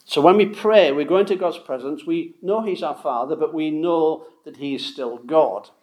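A man preaches a sermon, his voice sitting a little higher than most men's. He presses his points home with emphasis and repeats key phrases to drive them in. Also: normal speed, a little mellow.

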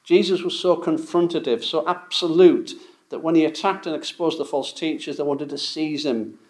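A man's voice: a little high, normal speed. A man preaching an emphatic, confrontational sermon.

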